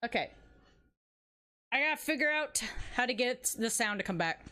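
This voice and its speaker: A woman's voice: on the high side, animated, moderate pace, pushed and bright. A woman streamer chatting casually while playing a game, distracted and laughing easily. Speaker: streamer voicing all characters. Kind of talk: casual live-stream chat.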